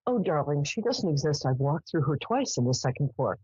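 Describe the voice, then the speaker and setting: A serious, intellectual mother speaks in a low, brisk, matter-of-fact voice, as a woman puts her on. Her tone is clipped and dismissive. The recording is slightly dull and dry. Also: very animated, darkish tone, breathy edge, no echo, exaggerated voice.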